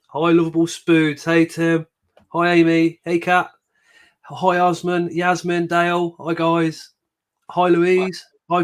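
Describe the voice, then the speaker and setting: A man's voice: fairly high pitch, clear, resonant tone. A man with a sniffly cold voice, chatting casually as a livestream host and greeting viewers by name.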